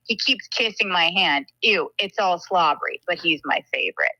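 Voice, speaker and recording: A woman's voice: on the low side, animated, normal speed, pushed and bright, poor audio. A woman guest on a casual video-call interview, playful and self-mocking. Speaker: guest actress reading old diary.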